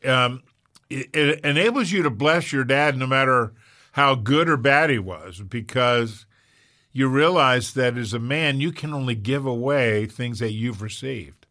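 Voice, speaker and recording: A man's voice: medium pitch, measured pace. A man in his sixties hosting a Christian talk show, telling stories with animation and frequent laughter. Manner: animated storyteller, laughs often. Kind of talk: faith-based conversation.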